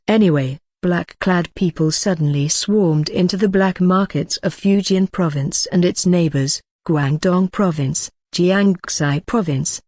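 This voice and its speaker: Even, matter-of-fact audiobook narrator. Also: mid-range voice, dry recording, studio quality. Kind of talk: scripted narration.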